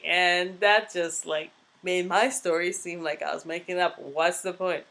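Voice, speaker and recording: A woman's voice: on the low side, takes it slowly, a bit bright. A woman vlogger telling a story in a casual, emphatic way, repeating phrases for stress.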